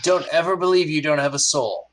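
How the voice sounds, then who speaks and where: A pirate captain voiced by a man who sits far higher than the narrator's usual voice. He speaks in earnest, emphatic pronouncements with a solemn, grateful edge. He comes across as a seasoned sea captain from a tabletop adventure. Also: a little fast, background noise, close to an everyday voice.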